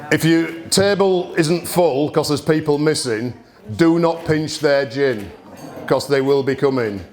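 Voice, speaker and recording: A man's voice: fairly high pitch, unhurried, darkish tone, faint music behind. A man hosting a live gin tasting event, talking bluntly to the audience with cheeky banter. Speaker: gin distillery host. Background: audience murmur and laughter.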